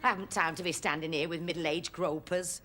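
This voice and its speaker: An actress as a tart, teasing fiancée. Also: female voice, on the low side, fairly even intonation, a little fast, crowd noise, natural voice. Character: tart sensible woman, shopkeeper's fiancée. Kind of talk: sitcom acting. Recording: noisy TV sitcom recording.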